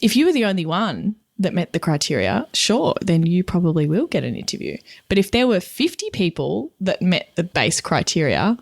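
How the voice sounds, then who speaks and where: A woman's voice: fairly low pitch, big pitch swings, moderate pace, gravelly, hardly any pauses, dry recording, clean studio sound. A woman co-hosting a casual podcast as a career coach, frank and playful, laughing often.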